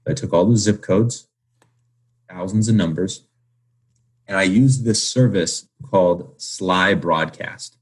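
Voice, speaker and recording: A man in his twenties, appearing as a guest on an interview podcast, talks slowly and pauses often in a low, slightly rough voice. He's loose and chatty, overusing "like" among other fillers and acting out little phone calls.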